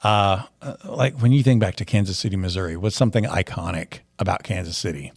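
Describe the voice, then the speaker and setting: A man's voice: low voice, fairly quick, gravelly, no room sound, clean studio sound. A man from Tennessee with a general American accent, hosting a casual, joking interview chat as a teacher. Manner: chatty, jokey, teasing. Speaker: teacher and podcast host.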